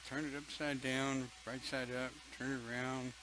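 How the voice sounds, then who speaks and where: A man's voice: medium pitch, level tone, moderate pace, noisy background. An older man leading an online pagan church talk, folksy and chatty, reading viewer comments and laughing often.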